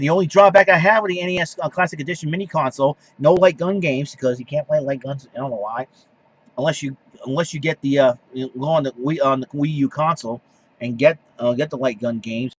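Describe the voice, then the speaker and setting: Ranting man, higher voice, lo-fi. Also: husky. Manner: animated, exasperated ranting with many restarts. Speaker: podcast host. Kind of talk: casual solo rant.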